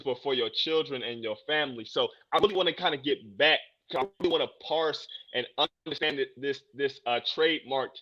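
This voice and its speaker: A male host on a video call asking long, relaxed questions in laid-back, slangy speech. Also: medium pitch, highs cut off. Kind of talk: casual video-call interview.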